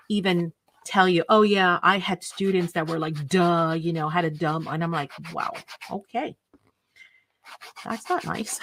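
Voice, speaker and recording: A woman's voice: lowish voice, noisy background. A woman hosting a craft live stream, chatting casually with viewers in an enthusiastic, rambling way.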